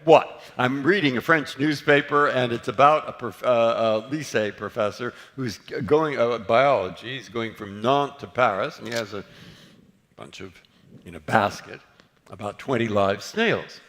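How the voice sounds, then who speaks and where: An older man speaking as a guest author onstage, wandering through anecdotes and correcting himself as he goes. His voice sits at an ordinary male pitch, and a long reverb from the hall trails each phrase. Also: measured pace, fairly bright tone. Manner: rambling, with restarts and self-corrections. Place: event hall before a live audience.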